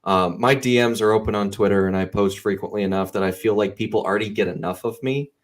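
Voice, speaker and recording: Chatty, animated low-voiced man. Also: fast talker. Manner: animated, talkative, laughs loudly. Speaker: guest author. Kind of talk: casual interview chat.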